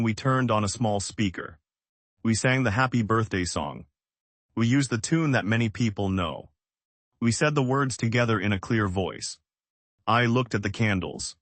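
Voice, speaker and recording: An English teacher reads a simple scripted lesson in plain, even sentences, asking learners to repeat after him. His voice is fairly low, with no echo.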